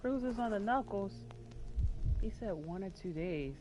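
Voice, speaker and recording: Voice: mid-range voice, expressive, unhurried, a little mellow. Joking streamer, chatty let's play commentary, faint music underneath. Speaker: game streamer.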